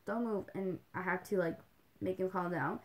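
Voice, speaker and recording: Speaking at a moderate pace, a young livestream host chats casually in a lowish, steady-toned voice. Her talk rambles, full of "like"s and light laughter, with a Spanish phrase here and there.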